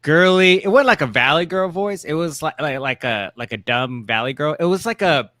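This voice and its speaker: A man's voice: fairly high pitch, moderate pace, pushed and bright, no room sound. A man co-hosting a casual TV recap chat, rambling with many fillers and restarts. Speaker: co-host.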